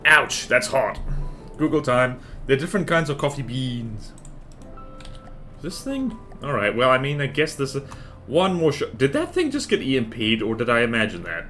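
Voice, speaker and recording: A man's voice: mid-range voice, sing-song, moderate pace, sharp tone, faint music behind. A man live-streaming a building game, chatting with his viewers and thinking aloud in a playful, self-mocking way.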